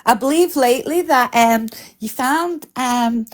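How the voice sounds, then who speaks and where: A woman hosting a casual live stream, teasing her co-host and firing off playful questions. Her voice sits fairly high, and her manner is loose and joking. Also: a little slow.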